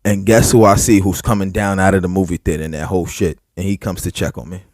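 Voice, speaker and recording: A man's voice: deep voice, fast talker, dry recording, studio quality. A man co-hosting a podcast, telling a story in casual, profane talk full of filler words and restarts. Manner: heavy filler words, profane, animated retelling. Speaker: podcast co-host.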